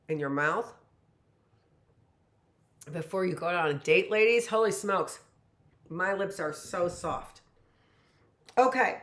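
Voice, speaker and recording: A woman in her late fifties teaches a casual live lesson from her kitchen, talking in a loose, rambling way full of asides and "you know." Her voice sits a little low. The sound carries the echo of a hard-surfaced room. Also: a bit bright. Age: 50s. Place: home kitchen.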